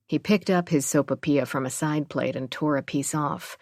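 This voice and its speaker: A woman narrating a suspense audiobook in the first person, steady and unhurried. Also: sits low, no echo, studio quality.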